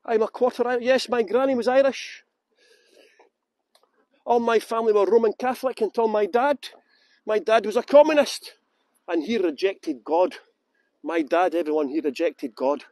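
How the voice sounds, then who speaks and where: Scottish man, middle-aged, high-pitched, chatty tour guide, laughs a lot, walking streets at night, phone mic. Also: moderate pace, long pauses, a little mellow, dry recording. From Scotland. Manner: chatty, laughs often, talks to viewers by name. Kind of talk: live-streamed walking tour commentary. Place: outdoors on town streets at night.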